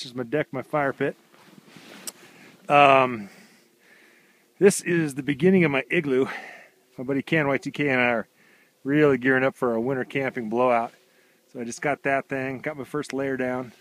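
A man's voice: mid-range voice, a bit bright. Laid-back slangy man rambling outdoors. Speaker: vlog host. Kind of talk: rambling walk-around video diary. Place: outdoors in snowy woods by his house.

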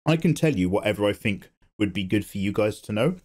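A man's voice: fairly low pitch, animated, a little fast, a little mellow. A man hosting his own art channel, reading viewer comments in casual chat while drawing, playful and self-mocking. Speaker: artist and channel host.

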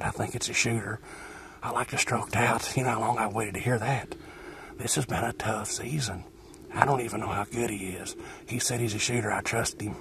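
A man giving hushed, excited, folksy commentary from a deer stand outdoors on a farm. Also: mid-range voice, gravelly. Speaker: hunting show host. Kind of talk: excited in-the-field hunting commentary. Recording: outdoor field recording with steady background noise.

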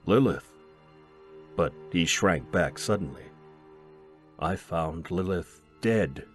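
Male narrator, very deep voice, slow grave reading, soft music under it. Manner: measured, grave storytelling. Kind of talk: audiobook reading of science fiction.

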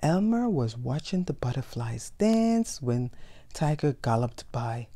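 A woman reading a picture book aloud as a storyteller, in a slow, expressive, gentle way. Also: extremely low pitch. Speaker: storyteller, channel host.

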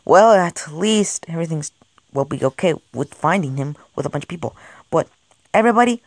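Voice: medium pitch, animated, brisk, no room sound. An amateur creator narrating and voicing characters in an improvised game role-play, stammering and repeating words as they go, recorded on a close home mic. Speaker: fan show creator voicing all characters.

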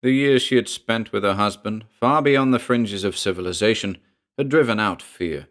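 A man narrating a horror story in a measured, dramatic storytelling voice. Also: lowish voice, fairly bright tone.

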